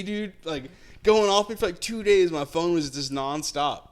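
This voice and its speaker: A young man with a fairly high voice spins an animated story for his friends. He swears freely, and his voice shoots up sharply whenever he replays someone's shocked reaction. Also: a little slow, a little hiss or hum. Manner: swears a lot, voice jumps high when retelling shocked reactions.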